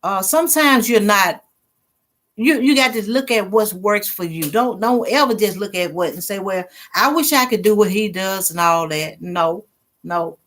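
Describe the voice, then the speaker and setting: At normal speed and in a fairly bright, mid-range voice, a middle-aged woman chats casually with her livestream viewers. She laughs easily and reads their comments out loud.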